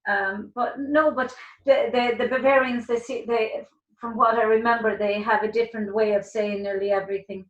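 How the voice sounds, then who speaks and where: A woman's voice: a little high, steady tone, normal speed, lo-fi sound. Older Irish woman host in an echoey room. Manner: rambling, many restarts. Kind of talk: casual interview chat.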